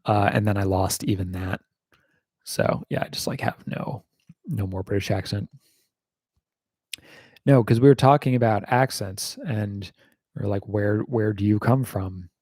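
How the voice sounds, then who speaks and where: A man's voice: lowish voice, unhurried, pauses often, darkish tone, dry recording. An American man hosting a casual livestream Q&A, rambling wryly with lots of fillers and the odd swear. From United States.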